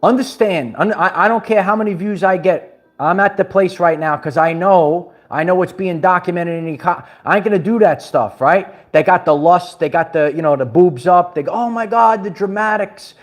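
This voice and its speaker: Speaking at a moderate pace in a high-pitched voice, this Brooklyn-born spiritual empowerment vlogger delivers a motivational livestream talk. He addresses his audience forcefully and sermon-like, circling back over the same phrases.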